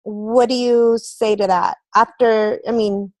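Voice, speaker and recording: A woman raising a question in a group discussion, hesitant and pausing with fillers. The sound is dry with no room echo, and her voice sits a bit high. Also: steady tone. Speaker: participant asking a question.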